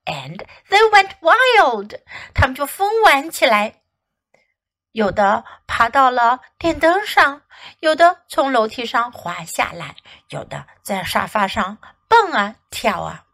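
Casting note: woman teacher narrating a picture book, high, lively voice, unhurried. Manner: slow, expressive read-aloud. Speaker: English teacher. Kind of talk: bilingual storybook reading.

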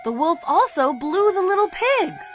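A woman narrating a children's storybook in an expressive, unhurried way. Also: very high-pitched. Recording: slightly dull recording with music behind.

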